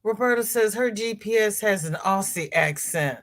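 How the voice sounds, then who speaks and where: A woman's voice: lowish voice, moderate pace, few pauses. A middle-aged woman hosting a casual livestream, chatting with viewers and reading their comments aloud. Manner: chatty, exclaims and laughs while reading comments. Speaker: host reading live chat. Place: home.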